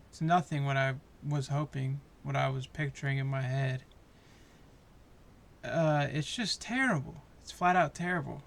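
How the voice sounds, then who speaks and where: A man's voice: medium pitch, creaky. A man giving a heated, profane, passionate review of a show, talking in a casual rant.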